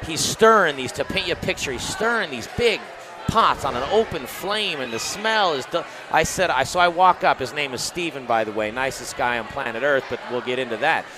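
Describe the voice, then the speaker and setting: A man co-hosting the show, excitedly telling a story in casual chat at an outdoor festival. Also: mid-range voice, fairly quick. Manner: excited storyteller, loud at times. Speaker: co-host. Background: crowd and outdoor noise.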